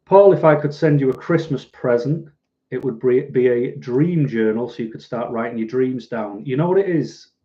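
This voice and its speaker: A man from Manchester with a Mancunian accent chats through viewer comments on a casual livestream. His voice is mellow and relaxed, in a middle register. He is chatty and dry, with a self-deprecating streak. The recording is slightly muffled and lo-fi. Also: medium pitch, unhurried, long pauses. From Manchester, England. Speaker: livestream host.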